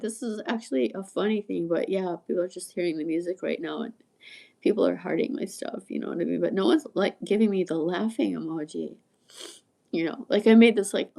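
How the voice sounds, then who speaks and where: A woman in her sixties with a gravelly, mellow voice chats loosely to her livestream viewers. She drifts from tangent to tangent and laughs often as she goes. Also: medium pitch. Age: 60s. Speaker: livestream host. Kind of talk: rambling livestream chat.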